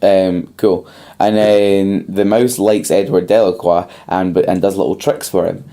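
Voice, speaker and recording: Low gravelly young man retelling a film plot. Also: flat delivery, unhurried, mellow. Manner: retells a film plot at length with many ums. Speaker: podcast co-host. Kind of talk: casual film chat.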